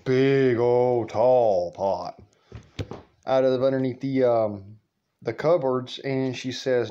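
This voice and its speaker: A man's voice: medium pitch, takes it slowly, dark tone, lo-fi sound. A man telling a story in a rambling, profane, colloquial way. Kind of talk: casual storytelling vlog.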